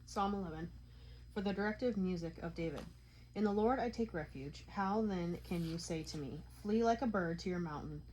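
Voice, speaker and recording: Woman reading psalms out loud, lower voice, plain and measured. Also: slight background noise, rough recording. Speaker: Bible reader.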